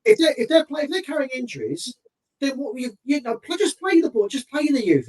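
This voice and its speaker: High, husky man, scornful and frustrated. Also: sing-song, fairly quick, a little mellow, far from the mic, low-quality recording. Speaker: podcast co-host. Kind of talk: casual football podcast chat.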